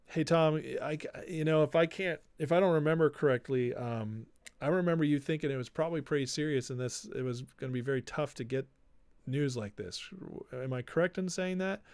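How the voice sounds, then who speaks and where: A man's voice: on the high side, fairly quick, a little mellow, clear, resonant tone, no room sound. A man hosting a casual political livestream, talking loosely and reading viewer comments aloud. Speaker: livestream host.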